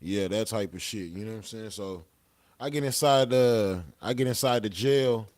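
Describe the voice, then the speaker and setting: A young man guesting on a podcast tells a story in a laid-back, profane way, often ending lines with "you know what I'm saying." His voice is fairly low, a little mellow, at normal speed.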